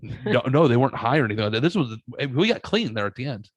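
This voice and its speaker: Dude on a podcast telling a wild story, cussing a lot, mid voice, dry close sound. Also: male voice, medium pitch, fast, dry recording. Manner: animated storytelling, swears freely. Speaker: podcast host. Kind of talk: casual chat.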